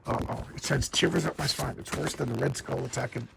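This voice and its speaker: Gravelly man chatting about comics. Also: medium pitch, fairly quick, noisy background. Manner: enthusiastic, stammers and repeats words. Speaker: comic book reviewer. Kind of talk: casual spoken comic review.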